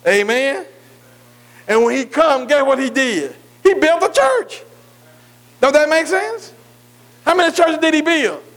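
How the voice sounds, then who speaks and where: A man preaching a sermon, who keeps asking his listeners "am I right?" and slowly spells out key words letter by letter. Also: very high voice, expressive, fairly bright tone, rough recording. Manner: asks the congregation "am I right?" again and again.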